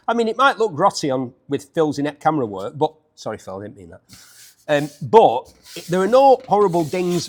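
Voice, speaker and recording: A man in his fifties hosting a chatty, jokey walkaround preview of bikes up for auction. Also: on the high side. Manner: chatty, enthusiastic, jokey asides.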